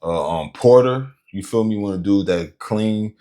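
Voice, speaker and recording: Male host, very low voice, casual and rambling, talks to the audience. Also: normal speed, warm tone. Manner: loose, rambling, talks straight to viewers. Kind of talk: casual reaction commentary.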